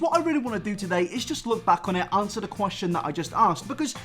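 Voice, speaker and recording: Brief: male vlogger, sarcastic and self-deprecating, very lively delivery. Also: sits high, fast, hardly any pauses. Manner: self-mocking, jokey, sarcastic asides. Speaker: YouTube commentator. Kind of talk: comedic commentary vlog.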